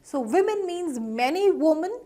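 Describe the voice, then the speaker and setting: A woman teaching pronunciation in an online lesson, upbeat, quizzing viewers and repeating each word slowly. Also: extremely high pitch, very animated, dark tone.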